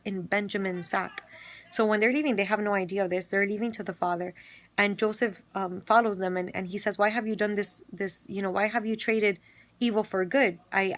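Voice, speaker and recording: A woman's voice: medium pitch, no echo. A woman casually retelling a Bible story, filling it with quoted dialogue and everyday fillers.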